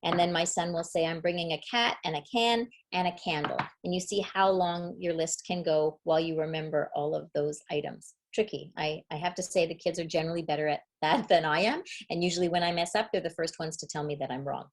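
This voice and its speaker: A middle-aged woman with a Canadian accent presents a webinar on reading, lively and demonstrative, drawing sounds out slowly as she enunciates. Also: deep voice. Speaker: reading educator.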